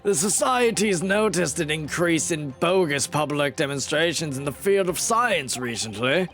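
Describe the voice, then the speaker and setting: A man's voice: a little high, expressive, moderate pace, fairly bright tone. A man voicing a stern, formal male prosecutor in a courtroom game.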